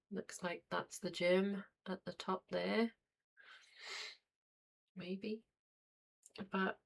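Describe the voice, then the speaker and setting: A woman hosting a reaction video, commenting on clips in an unhurried, dry way and thinking aloud. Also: on the low side. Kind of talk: casual commentary over clips.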